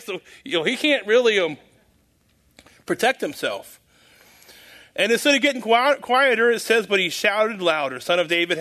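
A man's voice: sits high, pushed and bright. A man giving an informal sermon in a folksy, rambling way, chuckling at his own jokes. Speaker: preacher.

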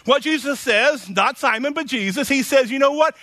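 A man's voice: very high voice, normal speed, pushed and bright. A man preaching a sermon as pastor, emphatic and repetitive, often tossing in "you know".

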